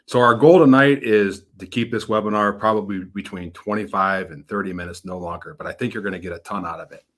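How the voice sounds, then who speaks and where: Talking a little fast in a lowish register, this thirty-something financial advisor runs a relaxed webinar. His delivery is folksy and cheerful, full of storytelling where he voices the people in his tales.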